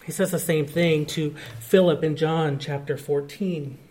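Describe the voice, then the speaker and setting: A man's voice: fairly high pitch, fairly even intonation, a little slow, darkish tone. A male pastor preaching a sermon, explaining a point of scripture in an earnest, teaching manner.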